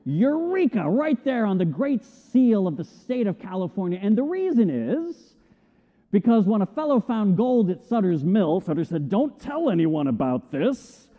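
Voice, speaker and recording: A middle-aged man preaching a sermon, telling stories in an animated way and acting out the quotes. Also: high-pitched, moderate pace. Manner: animated storytelling, acts out shouted quotes. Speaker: pastor. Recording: tinny phone-like sound with long hall reverb.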